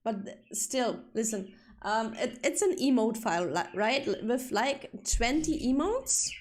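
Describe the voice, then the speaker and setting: A woman's voice: a little high, animated, a little slow. A young woman with a German accent chatting casually on a livestream, rambling and swearing when annoyed. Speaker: streamer.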